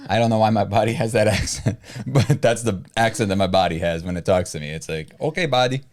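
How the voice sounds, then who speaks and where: Rambling low-voiced man chatting. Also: fairly quick. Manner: rambling, filler-heavy, lively pitch swings. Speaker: podcast co-host. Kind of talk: casual chat.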